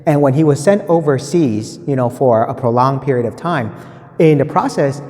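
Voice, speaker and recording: Guy explaining a bible passage, mellow voice, keeps saying right?, echoey room. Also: mid-range voice, normal speed. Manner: conversational, repeats points, many "right?" tag questions. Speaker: preacher giving a gospel reflection. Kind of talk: teaching reflection on scripture.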